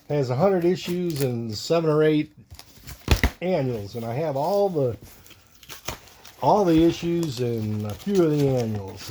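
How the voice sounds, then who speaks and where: A man's voice: medium pitch, dark tone, a little hiss or hum. A man casually chatting on his comics vlog, rambling as he shows off his drawings and a package of comics. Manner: rambling, chuckling, reads cartoon captions in silly voices. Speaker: comic collector vlogger. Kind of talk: casual chat showing artwork and comics.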